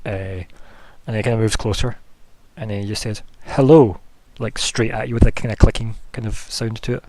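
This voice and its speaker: A man's voice: fairly low pitch, fairly even intonation, a little fast, a little mellow, no room sound. A man narrating as game master, describing scenes loosely with many fillers.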